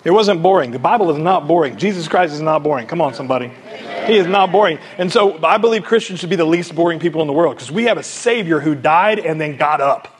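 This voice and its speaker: A man preaching a sermon as pastor at a church service, animated and conversational, often quizzing the congregation. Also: fairly high pitch, fast talker.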